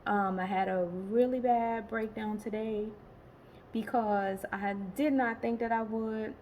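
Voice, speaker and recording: A woman in her late forties talking in a personal vlog, tired and emotional, rambling and halting with many pauses and restarts. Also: a little high, steady tone, a little mellow, a little hiss or hum, low-quality recording. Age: late 40s. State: tired and emotional, has been crying. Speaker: vlogger.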